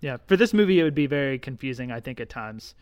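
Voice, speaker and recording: A man with a middle-pitched voice co-hosting a relaxed movie podcast. He agrees readily and asks questions to clarify what others mean. His tone is easygoing. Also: fast talker. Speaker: podcast co-host. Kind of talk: casual film discussion.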